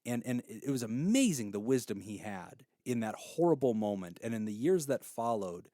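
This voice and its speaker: A man's voice: mid-range voice, sing-song, normal speed, warm tone, no echo, clean studio sound. Earnest man in his thirties giving advice. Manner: earnest, heartfelt storytelling. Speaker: podcast host giving advice. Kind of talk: casual advice podcast.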